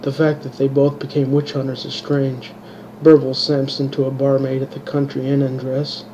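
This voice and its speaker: A man reading his own fantasy story aloud, halting and restarting words, in a dull lo-fi home recording. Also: medium pitch, completely flat delivery, mellow, a little hiss or hum. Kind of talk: amateur audiobook reading.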